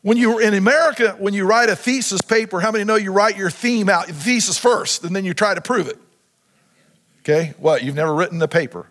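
A man's voice: sits high, a little fast, a bit bright. A man preaching a sermon as pastor, putting questions to his congregation. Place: church sanctuary.

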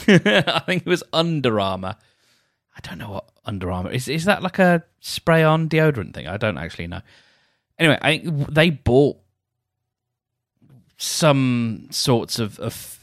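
A man's voice: mid-range voice, a bit bright, no room sound, studio quality. A man hosting a solo podcast, chatting in a meandering, self-deprecating way. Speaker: podcast host. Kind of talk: rambling solo podcast chat.

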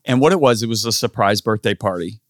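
A man's voice: on the low side, lively intonation, fast talker, fairly bright tone, no room sound, clean studio sound. A man in his sixties, a pastor and author guesting on a podcast, telling teasing anecdotes. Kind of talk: casual podcast chat.

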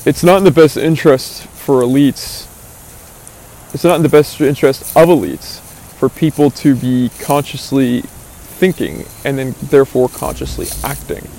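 A man's voice: medium pitch, gravelly, warm tone. A man giving an earnest, philosophizing monologue, thinking aloud with asides and fillers. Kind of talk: reflective motivational monologue.

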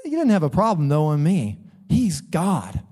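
A man's voice: a little high, huge pitch swings, moderate pace, mellow. A middle-aged man, preaching a sermon in a church sanctuary and telling a story with laughs and bursts of emphasis. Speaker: pastor.

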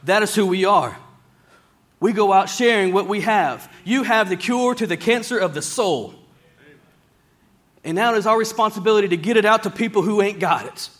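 A man preaching a sermon in a church, plain-spoken and folksy, slowing down whenever he reads scripture aloud. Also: high voice, fairly bright tone.

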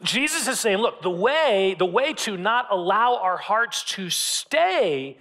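A man giving a sermon as a pastor, talking in a relaxed, conversational way and often repeating his phrases. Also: sits high, slow. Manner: conversational preaching, repeats phrases, varied pace.

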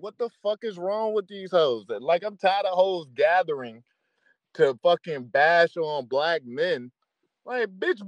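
A man's voice: high-pitched, no echo. A man hosting a live audio room, ranting crudely and cursing with frequent laughter. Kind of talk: profane casual rant to listeners.

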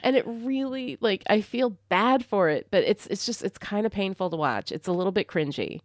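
A woman's voice: mid-range voice, animated, normal speed, dry recording, studio quality. A woman co-hosting a podcast, talking frankly and casually and laughing often. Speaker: podcast co-host. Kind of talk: casual chat.

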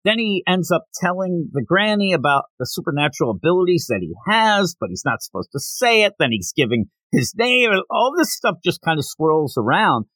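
Animated man recapping a manga. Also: a little high, no room sound. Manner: animated, quick recaps with laughs and quoted lines. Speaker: podcast co-host. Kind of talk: casual chat reviewing manga.

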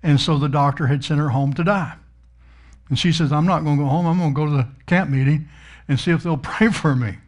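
A middle-aged man delivers a sermon as a told story, folksy and emphatic. His voice sits a little high for a man, and he leans hard on the words he wants to land. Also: fairly quick. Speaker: preacher.

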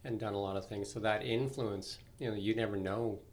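A man hosting a casual podcast interview. His voice sits low with a gravelly edge, and he talks reflectively, often restarting his sentences. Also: fairly even intonation, brisk. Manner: reflective, rambling, with frequent restarts. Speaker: podcast host.

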